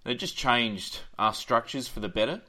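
A man with an Australian accent hosting a casual sports podcast. He is chatty and upbeat and often pauses on fillers. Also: medium pitch, bright, forceful tone. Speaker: podcast host.

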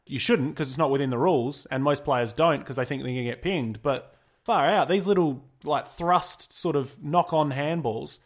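A man's voice: on the high side, moderate pace. A young Australian man hosting a casual sports podcast, blunt and joking. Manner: blunt, joking, lively banter. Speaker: podcast host.

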